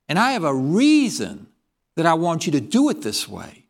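A man's voice: a little high, wildly swooping pitch, normal speed. A man preaching a sermon, reading scripture aloud and asking the congregation questions. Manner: reads scripture aloud in King James wording.

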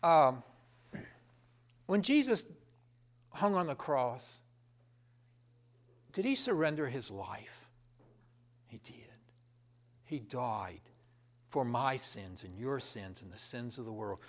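A man preaching a sermon with fervour, asking the crowd questions and answering them himself, swinging from loud emphatic peaks to low quiet drops. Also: sing-song, takes it slowly, pauses often. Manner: fervent, rising to loud emphatic peaks then dropping low.

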